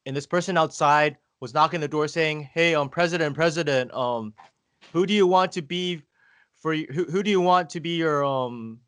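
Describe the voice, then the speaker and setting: A man from Taiwan talks as a podcast guest in casual conversation. His voice sits a little high, and the sound is dry and close with no room echo. He tells his stories haltingly, full of fillers and restarts. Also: a bit bright, smooth. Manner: hesitant, halting, filler-heavy storytelling.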